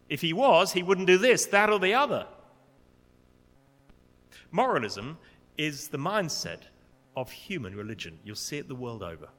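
Lively-voiced male preacher in a reverberant church. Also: fairly high pitch. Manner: expressive, rising to indignant emphasis. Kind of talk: sermon.

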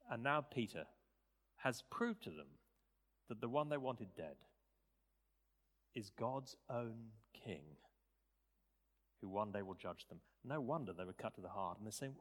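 A male preacher delivers a sermon in a lively, bright voice. He swings his pitch widely and drives certain phrases up to loud, emphatic peaks. The sound carries a long church-hall reverb. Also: unhurried, long pauses.

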